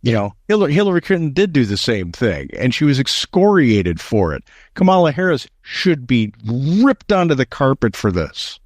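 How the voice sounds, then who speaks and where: A man's voice: mid-range voice, very animated, normal speed, no echo. A man co-hosting a casual political talk show, emphatic and opinionated, often restarting his sentences. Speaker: co-host.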